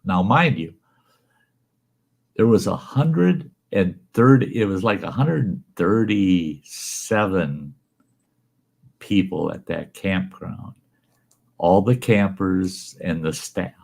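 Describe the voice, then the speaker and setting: A man's voice: low-pitched, expressive, slow pace, creaky, a little mellow. A man host telling a folksy, salty story about his own past.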